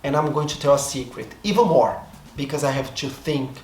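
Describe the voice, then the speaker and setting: A man's voice: medium pitch, fairly quick, a little mellow. A man from Brazil with a Brazilian accent, a Portuguese native speaker, talking to his camera in a reflective, hesitant way, often stopping to restart and rethink his words. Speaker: vlogger. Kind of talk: casual monologue to camera. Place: seated in front of a camera. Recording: echoey room, faint background noise.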